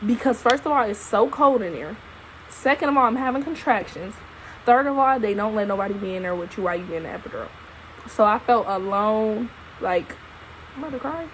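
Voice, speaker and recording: A young woman, a new mother casually telling her birth story to camera in an expressive, profane way. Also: mid-range voice, a little fast, a little hiss or hum, rough recording. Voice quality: expressive, profane, animated retelling. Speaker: vlogger, new mom. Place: at home holding her baby.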